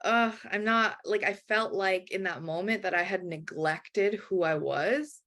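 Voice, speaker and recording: A woman talking in an easy, conversational way as an interview guest. She tells her story with lively swings in her voice and briefly takes on other people's voices when she quotes them. Her pitch sits in a middle range. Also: measured pace. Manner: animated, acts out quoted dialogue.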